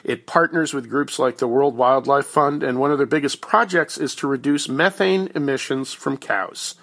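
A man's voice: medium pitch, moderate pace, vocal fry, fairly bright tone. A man who is a regular guest commentator on a radio show, explaining news items over a phone line in a folksy, joking way. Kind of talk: conversational explainer.

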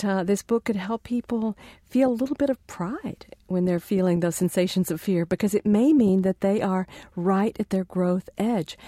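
A woman's voice: mid-range voice, dark tone, no room sound, studio quality. A woman author answering interview questions in an earnest, reflective way. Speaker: author guest.

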